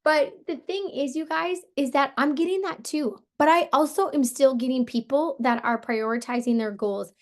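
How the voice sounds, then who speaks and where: A woman with a hoarse, partly lost voice, coaching her sales team on a motivational call in a casual, upbeat way, full of "like" and "you guys". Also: high-pitched, moderate pace, few pauses. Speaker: team leader coaching sellers.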